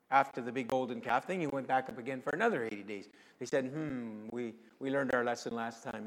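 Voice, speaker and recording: A man preaching a sermon, conversational, with sudden swings between soft and loud. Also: a little high, long reverb tail, rough recording. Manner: conversational with dramatic swings in loudness. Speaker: pastor.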